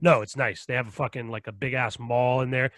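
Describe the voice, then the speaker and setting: A young man co-hosting a podcast, telling stories in an animated, profane way with frequent laughs. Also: medium pitch, brisk, dry recording. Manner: animated storytelling, heavy swearing and laughter. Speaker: podcast co-host. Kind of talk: casual chat.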